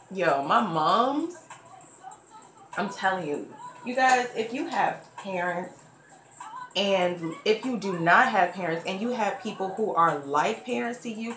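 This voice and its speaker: A woman's voice: lowish voice, a bit bright, a little hiss or hum. Woman vlogging with echoey room sound. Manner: emotional, testifying about faith. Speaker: beauty vlogger. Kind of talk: get-ready-with-me makeup chat.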